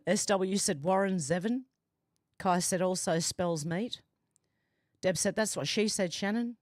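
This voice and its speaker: An expressive Australian woman with a mid-range voice speaks slowly as she reads viewer comments on her casual home livestream, sounding chatty and amused. There's no echo and the audio is studio-clean, even with doors and windows open.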